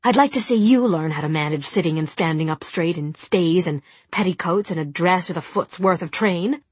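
A woman's voice: on the low side, moderate pace, a little mellow, slightly rough, dry recording. A woman voicing a spirited, defiant young woman who speaks in a pointed, exasperated way.

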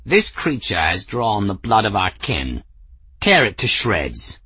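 A man's voice: on the low side, wildly swooping pitch, slow, breathy edge, no echo, heavily acted. Man doing Nin, a hotheaded young cat. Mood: furious. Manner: sharp, snapping. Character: young male cat, chief's son, hotheaded.

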